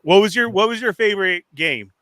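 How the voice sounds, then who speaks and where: A man co-hosting a casual podcast chat, animated and laughing often. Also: high voice, a little fast, no room sound. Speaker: podcast co-host.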